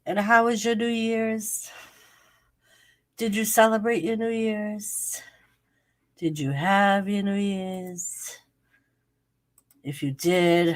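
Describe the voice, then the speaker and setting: A woman with a lowish voice and a stuffy nose chats casually on a late-night livestream from home, greeting viewers by name as the channel host. The mic is distant.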